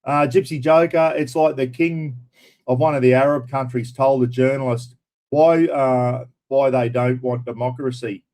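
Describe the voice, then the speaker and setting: A man's voice: medium pitch, steady tone, normal speed, darkish tone. A man with an Australian accent hosting a casual live stream, chatting bluntly with viewers and swearing a little. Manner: blunt and chatty, mild swearing, addresses viewers as everyone and mate.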